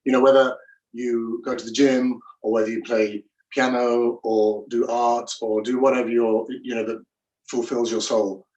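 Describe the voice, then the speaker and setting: A man's voice: medium pitch, little pitch movement, moderate pace, roomy sound, recorded from a distance, dull audio. A man co-hosting a home cooking show, talking in an enthusiastic, rambling way. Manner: enthusiastic, warm-hearted rambling. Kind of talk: casual chat.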